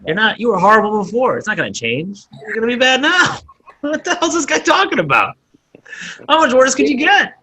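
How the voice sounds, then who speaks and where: A podcast host with a bright, sharp voice that swings widely in pitch. He teases and mocks his guests in a goofy way during casual banter. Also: very animated, fairly quick, slight background noise. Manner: teasing, mocking, goofy.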